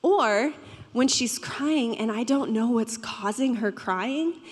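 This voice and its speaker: A woman's voice: a little high, takes it slowly. A young woman pastor giving a sermon in a church, talking in a conversational way and asking the audience questions. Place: church hall. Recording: long hall reverb.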